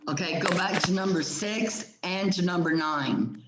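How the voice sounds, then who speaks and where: A woman's voice: fairly low pitch, a little slow, slight background noise. Patient woman teacher in an echoey room. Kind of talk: classroom grammar lesson. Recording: roomy echo.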